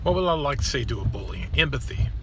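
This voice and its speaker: A man's voice: medium pitch, expressive, fast talker, noisy background. A man vlogging, telling personal stories in a blunt, crude, joking and then earnest way, outdoors near a road. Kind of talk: casual personal storytelling.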